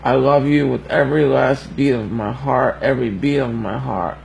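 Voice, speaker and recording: A young man giving a halting, heartfelt birthday message on a livestream while fighting back tears. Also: medium pitch, fairly even intonation, gravelly, a little mellow, slight background noise, low-quality recording.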